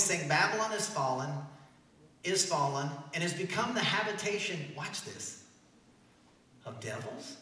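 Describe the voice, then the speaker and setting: A man with a Midwestern American accent, a pastor preaching an animated sermon that swings between loud declarations and soft asides. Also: high voice, moderate pace, far from the mic. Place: large church hall. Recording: echoey church hall, heard from afar.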